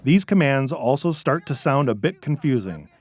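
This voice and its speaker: A man narrating a scripted training video in a measured, instructive way. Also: medium pitch, expressive.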